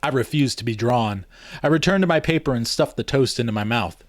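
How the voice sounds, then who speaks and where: A man narrating a first-person novel aloud in a wry, expressive storytelling manner. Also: medium pitch, a little fast, no echo, studio quality. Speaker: reader.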